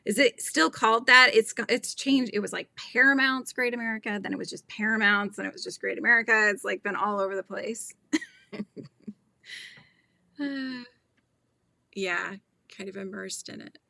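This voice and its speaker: Female host, middle-aged, casual chat, laughs a lot, crisp tense tone, some vocal fry. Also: mid-range voice, steady tone, normal speed, pauses often, pushed and bright, dry recording, studio quality. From Northern California. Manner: chatty, laughing often, reading out chat comments.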